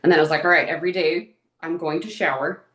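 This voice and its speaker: A woman in her thirties, a guest in a candid personal interview, talks fast in a low voice with fairly even intonation. She's open and emotional, chatty and full of "like"s, and the sound is reverberant.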